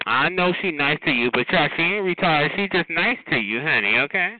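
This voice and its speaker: A man's voice: on the high side, animated, fairly quick, few pauses, dry recording. A man hosting a call-in show, sassy and cutting as he roasts a caller, calling people honey and child. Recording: tinny phone line with crowd noise.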